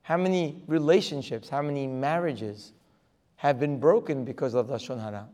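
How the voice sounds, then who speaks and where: A man's voice: mid-range voice, moderate pace, dark tone. A man giving a religious lecture as a Torah teacher, emphatic and full of rhetorical questions. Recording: long reverb of a hall.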